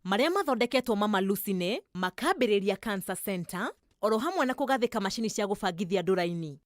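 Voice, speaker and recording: A woman reading a news voice-over report in a brisk, steady manner. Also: mid-range voice, dry recording. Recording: dry studio voice-over with music.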